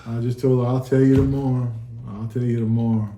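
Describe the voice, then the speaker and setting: With a flat delivery and a dark, mid-range voice, a guest talks a little fast about nearly dying, earnestly acting out the dialogue in a casual sit-down chat. The echoey recording has a little hiss or hum.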